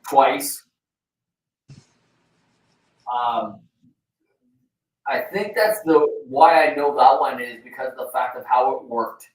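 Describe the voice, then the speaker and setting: Slow-talking man on a roomy call. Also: medium pitch. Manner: rambling, swears casually, many fillers. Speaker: show co-host. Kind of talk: casual chat. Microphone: video call. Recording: roomy, distant from the mic.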